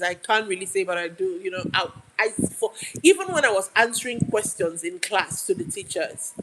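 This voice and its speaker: A woman's voice: a little high, lively intonation, moderate pace, hardly any pauses, pushed and bright, a little hiss or hum, low-quality recording. A Nigerian woman telling a story in a casual livestream, chatty and laughing, often restarting her sentences. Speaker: YouTube live streamer.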